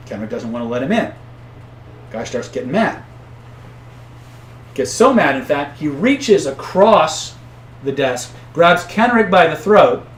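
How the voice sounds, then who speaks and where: Animated man teaching in an echoey room. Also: a little high. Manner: conversational, tags points with "right?"; acts out angry voices loudly in stories. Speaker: influence coach. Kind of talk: live-streamed teaching with stories. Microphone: own camera setup.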